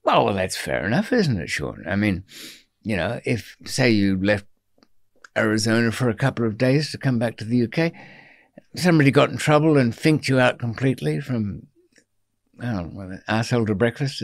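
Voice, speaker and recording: An older man telling stories as a guest in a studio interview, dry and wry, with frequent pauses and restarts. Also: medium pitch, sing-song, gravelly, dry recording. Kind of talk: storytelling in a long-form interview.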